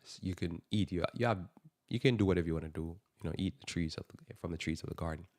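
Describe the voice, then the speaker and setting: Deep-voiced man preaching on radio. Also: quick pace, a little mellow. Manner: emphatic, repeats phrases for stress. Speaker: radio talk show host. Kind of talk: preaching Bible talk.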